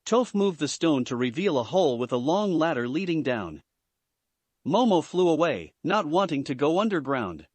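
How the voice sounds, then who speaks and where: Lively-pitched male story narrator. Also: normal speed, husky, dry recording. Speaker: fan fiction narrator. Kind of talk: scripted narration.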